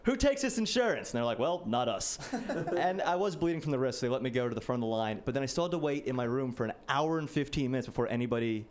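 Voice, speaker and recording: On stage in front of a live crowd, this late-twenties comedian races through a laid-back set full of self-mockery and frequent "like"s. His medium-pitched voice is a little mellow and barely pauses.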